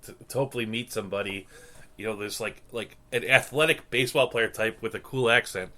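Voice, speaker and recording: A man in his thirties co-hosting a podcast in casual chat, rambling with halting restarts and deadpan jokes. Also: fairly low pitch. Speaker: podcast co-host.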